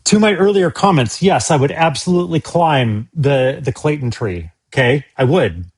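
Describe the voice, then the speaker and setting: A man's voice: on the high side, animated, moderate pace, a little mellow, slightly rough. A man co-hosting a livestream, making wry, profane, blunt asides about the clips. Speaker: stream co-host. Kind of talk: casual livestream commentary.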